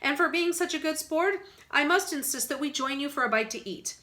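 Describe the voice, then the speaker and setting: A woman voicing a jovial, smooth-talking male lawyer with a theatrical, hearty manner, in a read-aloud storybook. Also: high-pitched, brisk, sharp tone, pitched above the performer's own voice.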